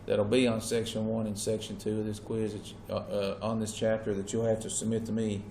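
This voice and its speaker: A man lectures a classroom in an easygoing, conversational way. He keeps pausing to check whether his students are keeping up. A faint hiss sits under his voice. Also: lowish voice, monotone, gravelly, dark tone. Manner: checks in often with students, casual Southern-style phrasing. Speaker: teacher.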